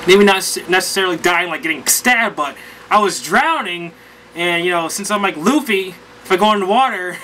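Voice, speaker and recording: Male vlogger, high and sharp-toned, animated rambling storyteller. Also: moderate pace, slight background noise, poor audio. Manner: rambling, animated, lots of fillers. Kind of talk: casual storytelling recap.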